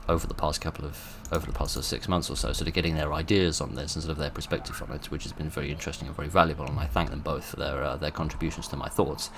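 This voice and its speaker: A man with a very low voice talks through his channel's past and future in a loose, informal way. He weighs each point aloud, stopping and restarting often. A faint hiss sits under the recording. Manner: thoughtful, hesitant, many fillers and restarts. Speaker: channel host.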